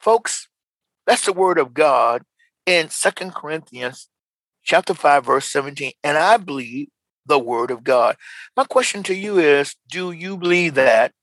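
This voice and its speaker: A man's voice: on the high side, measured pace, a bit bright, no room sound, poor audio. A man preaching a sermon emphatically, repeating key lines and calling on listeners to respond.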